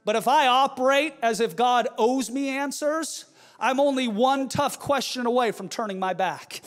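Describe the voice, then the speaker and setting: A male pastor delivering a fiery sermon with forceful, shouted refrains. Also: extremely high pitch, moderate pace.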